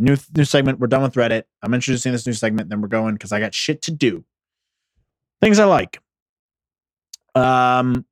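Sarcastic man with lively swings. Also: medium pitch, dry recording, clean studio sound. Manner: sarcastic, blunt, swearing. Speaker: podcast host. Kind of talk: casual comedic commentary. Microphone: headphones on, close mic.

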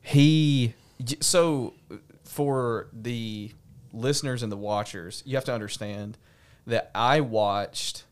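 A man, a pastor guest on a podcast, talking casually in an animated, emphatic way, often laughing and restarting his sentences. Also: medium pitch, slow, clean tone.

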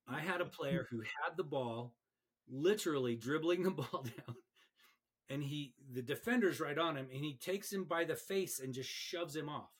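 A man who referees, chatting on a podcast and telling stories in an animated way, often repeating words as he goes. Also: fairly high pitch, normal speed, breathy edge. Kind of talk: casual podcast chat.

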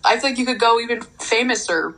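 Bright, teasing young woman. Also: fairly high pitch, brisk, low-quality recording. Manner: teasing, playful storytelling. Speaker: guest. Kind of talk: casual chat.

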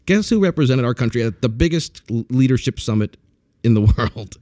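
A man's voice: medium pitch, expressive, a little fast, dark tone, no echo, clean studio sound. A man hosting a podcast in casual chat, crude and laughing a lot as he tells stories. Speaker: podcast host.

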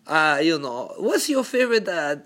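A man voicing his father, who speaks broken English with excited wonder. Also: a little high, normal speed. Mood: amazed. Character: amazed immigrant father, rideshare driver, broken English.

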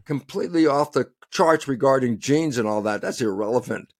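A man's voice: medium pitch, animated, normal speed, darkish tone, no echo, clean studio sound. A man from the United States, a guest scientist in an interview, who talks in a passionate, emphatic way and often quotes himself.

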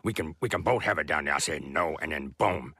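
A man voicing a gruff, emotional male basketball star, talking in halting starts and restarts. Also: rumbling low, sharp tone, no echo, clean studio sound, pitched below the performer's own voice, heavily acted. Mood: rambling.

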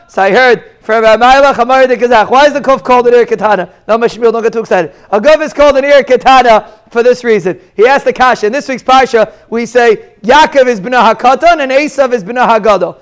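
A man with a high, smooth, clear voice teaches a Torah lesson. He is animated and tells stories, and his voice climbs sharply when he stresses a point. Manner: animated, storytelling, pitch jumps up for emphasis. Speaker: Torah teacher giving a daf shiur. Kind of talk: lively Torah lecture with Yiddish and Hebrew terms.

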